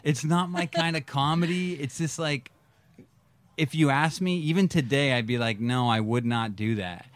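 A man on a podcast telling a personal story in casual chat, acting out his own past reactions with sudden jumps in pitch. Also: normal speed, no room sound. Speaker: podcast guest.

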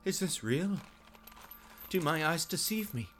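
A man's voice: fairly high pitch, expressive, a little slow, a bit bright, a little hiss or hum. Man, comedy sketch, melodramatic and panicky, wide-ranging voice.

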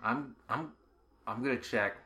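A player improvising in a tabletop role-play game with a deadpan, cheerfully oblivious manner. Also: mid-range voice, unhurried.

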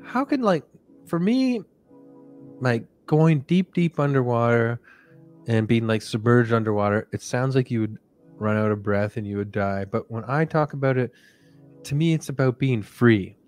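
A man hosting a comic sleep-story podcast, talking softly with drifting, rambling jokey asides. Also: mid-range voice, animated, normal speed, soft background music. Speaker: podcast host.

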